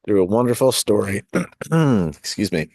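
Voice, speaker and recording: A middle-aged man with a notably deep, low voice reads his own reflective essay, breaking off now and then for asides and small corrections. The recording is close and dry, with no room sound. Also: big pitch swings, unhurried, a little mellow, dry recording. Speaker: podcast host and design course teacher.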